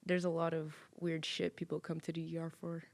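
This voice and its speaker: A woman's voice: deep voice, flat delivery, brisk. A young adult woman co-hosting a podcast, telling work stories in casual chat, swearing freely and acting out the people she quotes. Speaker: podcast co-host.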